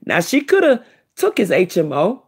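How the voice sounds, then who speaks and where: Gravelly, animated middle-aged woman. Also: on the low side, moderate pace. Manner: animated, repetitive storytelling. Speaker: vlogger, self-described prophetess. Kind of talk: emotional personal testimony.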